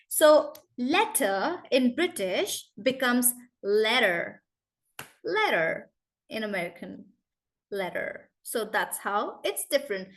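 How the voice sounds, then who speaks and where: A woman teaching English in an online class over a video call, brisk and chatty, calling on students by name. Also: high voice, a bit bright.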